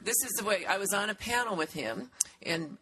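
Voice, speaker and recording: A man's voice: sits high, lively intonation, a little fast, pushed and bright, slightly rough, rough recording. A man moderating a public interview, chatty and apologetic, with laughing asides.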